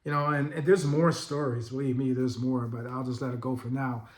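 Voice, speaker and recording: A middle-aged man hosting a vlog, telling a story in a loose, profane, animated way and laughing as he goes. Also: medium pitch, brisk. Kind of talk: casual storytelling. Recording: echoey room.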